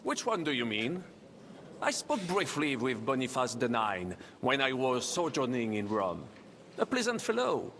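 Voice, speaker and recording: A man's voice: medium pitch, sing-song, measured pace, fairly bright tone, a little hiss or hum. A man with a French accent voicing a boastful baron in a video game, grand and theatrical. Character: boastful French baron, smooth talker, middle-aged man. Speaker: game character.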